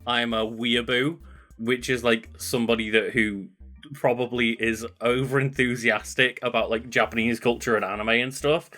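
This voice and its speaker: A man's voice: medium pitch, level tone, moderate pace, sharp tone. British guy chatting on a podcast, easygoing, bit of music playing faint behind. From Britain. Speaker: podcast co-host. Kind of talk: casual chat.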